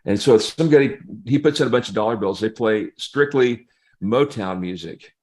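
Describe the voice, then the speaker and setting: A man's voice: mid-range voice, normal speed, a little mellow. An older man, a pastor and guest, telling humorous stories in a casual interview, laughing often and acting out what people said.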